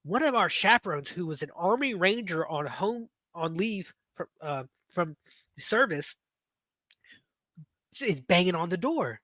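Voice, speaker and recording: A man's voice: high-pitched, expressive, unhurried, sharp tone, no echo. A man, hosting a podcast and telling rambling stories in casual chat. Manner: rambling, self-interrupting storyteller. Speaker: podcast host.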